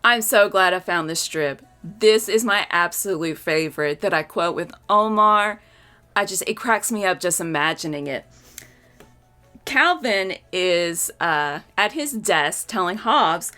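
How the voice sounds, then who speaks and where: A woman's voice: lowish voice, expressive, unhurried, pushed and bright. A woman in her forties giving a casual, chatty book review, openly emotional about what she reads.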